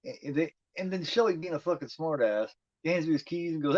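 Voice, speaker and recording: A man's voice: fairly high pitch, brisk, hardly any pauses, a little mellow, no echo. Guy cussing and chatting through a slasher watchalong, dull dry mic. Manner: chatty, profane, talks back at the screen. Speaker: watch-along commentator. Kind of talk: casual movie commentary.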